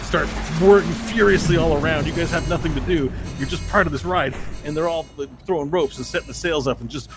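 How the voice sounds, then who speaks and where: A man's voice: fairly high pitch, brisk, few pauses, music in the background. A man narrating a tabletop game as game master, in a loose, rambling way with fillers and sound effects.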